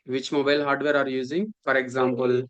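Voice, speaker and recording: A man's voice: medium pitch, flat delivery, fast talker, dull audio. A man, lecturing a class, repeating points and often asking the students if they follow. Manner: repetitive, checks understanding often. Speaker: instructor.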